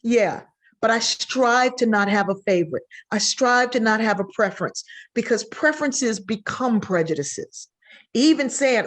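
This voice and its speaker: A woman's voice: on the high side, moderate pace. An older woman, a sociologist guest on a podcast, telling stories with energy and acting out the voices she quotes. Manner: animated, acts out quoted voices. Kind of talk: storytelling in a podcast interview.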